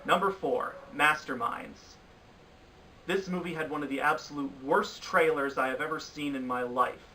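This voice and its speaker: A man rants through a countdown of bad films with exasperated disbelief. His voice is bright and cutting and sits a little high. He sounds a bit away from the mic. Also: normal speed, far from the mic, a little hiss or hum, poor audio. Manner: exasperated, ranting critique. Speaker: film reviewer. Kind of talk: opinionated film review countdown.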